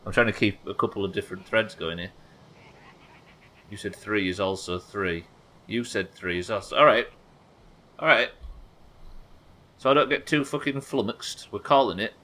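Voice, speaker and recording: Casting note: male game streamer from the UK, lowish voice with a bright edge, rambling and sweary. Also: moderate pace, pauses often. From United Kingdom. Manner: rambling, swears a lot, chats with viewers. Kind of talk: live game commentary.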